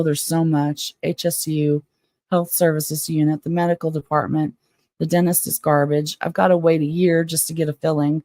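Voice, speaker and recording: Streaming live from home, this woman reads from a book and talks candidly with viewers in a chatty way, getting heated easily. She has a low-pitched, warm voice, captured in studio quality without any room sound.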